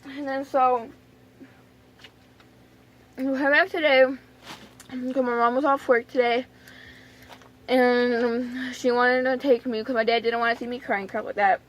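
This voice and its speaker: A young woman vlogging to camera, telling a story in a rambling, chatty way full of fillers and restarts, and often dropping to a soft near-whisper. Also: fairly high pitch, steady tone, measured pace, long pauses, lo-fi sound.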